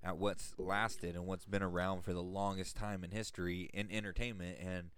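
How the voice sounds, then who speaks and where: A man in casual podcast chat, laid-back and profane with drawn-out phrasing. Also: sits low, little pitch movement, a bit bright, clean tone.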